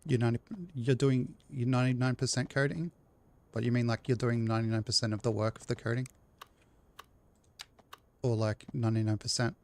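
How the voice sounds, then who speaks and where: A man's voice: medium pitch, little pitch movement, a little fast, pauses often. A man live-streaming a city-building game, chatting casually and rambling to his chat while he plays.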